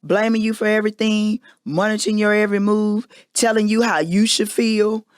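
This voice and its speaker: A woman's voice: mid-range voice, fairly even intonation, moderate pace, no room sound, studio quality. A woman hosting a podcast, telling a personal confession in a candid, emphatic storytelling manner. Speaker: podcast host.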